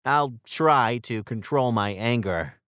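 A man voicing a hot-tempered young schoolboy who yells in a high, strained voice, in a textbook story reading. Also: slow, dry recording, studio quality. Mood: shouting angrily.

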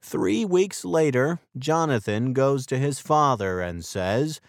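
A man narrating a textbook story for language learners in a clear, deliberate and expressive way. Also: medium pitch, dry recording, clean studio sound. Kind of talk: slow scripted narration for learners.

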